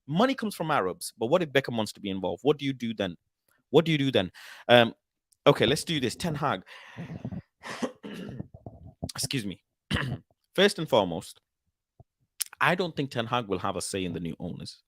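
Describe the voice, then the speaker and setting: A man's voice: medium pitch, sing-song, moderate pace, long pauses, a bit bright, no echo, studio quality. A man in his twenties hosting a football channel, talking casually and animatedly, firing rhetorical questions at viewers. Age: 20s. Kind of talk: casual video commentary.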